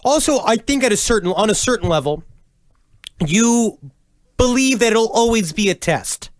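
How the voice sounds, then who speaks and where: A man co-hosts a podcast in a loose, joking chat. His voice sits high, and he rambles and restarts as he thinks his points through out loud. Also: expressive, moderate pace, no echo. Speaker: podcast co-host.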